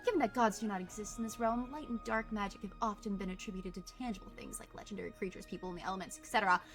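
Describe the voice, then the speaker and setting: A woman's voice: mid-range voice, very fast, soft background music. A woman player reading the game's holiday rules aloud during a tabletop session.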